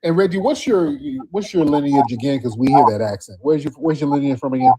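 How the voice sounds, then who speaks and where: A man's voice: a little high, fairly quick, heavy background noise. A man hosting a call-in talk show, speaking casually and repeating himself in a drawl. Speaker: show host.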